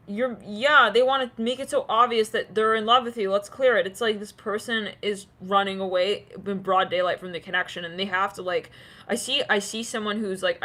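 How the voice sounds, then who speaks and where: Bright-voiced woman giving a rambling tarot reading. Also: mid-range voice, steady tone, a little fast. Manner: rambling, filler-heavy, acts out quoted voices. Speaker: tarot reader. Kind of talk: casual channeled tarot reading.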